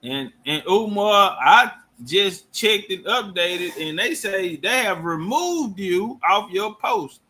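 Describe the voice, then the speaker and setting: A man's voice: high voice, expressive, slow, sharp tone. A man giving loose, profane reaction commentary and telling stories.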